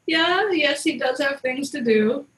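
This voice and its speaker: A woman's voice: sits high, animated, unhurried, fairly bright tone, pitched above the performer's own voice, poor audio. Woman doing a laid-back reluctant god. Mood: agreeable. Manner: hesitant, laid-back, agreeable. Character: easygoing reluctant male creator god.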